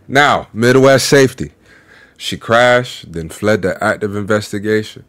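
A man hosting a reaction video, talking in a casual, slangy and animated way with laughing asides, on a close mic. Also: fairly low pitch, unhurried, no room sound. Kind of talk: casual commentary.

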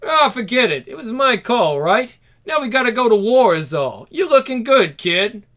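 A man's voice: very high voice, sing-song, moderate pace, fairly bright tone, voice pushed up, exaggerated voice. Man playing a boastful old mob boss. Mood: blustering. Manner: blustering, tough-guy bravado. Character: older male mob boss uncle, gruff and boastful.

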